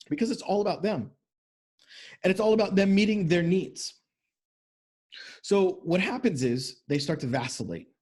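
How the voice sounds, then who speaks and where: A man's voice: sits high, a little mellow. A man hosting a podcast as a men's coach, talking bluntly and emphatically with lots of swearing. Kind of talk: motivational podcast monologue.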